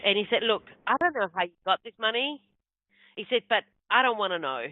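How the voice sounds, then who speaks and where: A woman's voice: mid-range voice, expressive, fairly quick, dry recording. A middle-aged woman rambles through a personal story in a loose, chatty way, slipping into the voices of the people she quotes. The sound is thin and phone-like, with a dry, close feel and no room around it. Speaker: guest, spiritual medium. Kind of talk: casual storytelling interview. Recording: tinny phone-like line, dry.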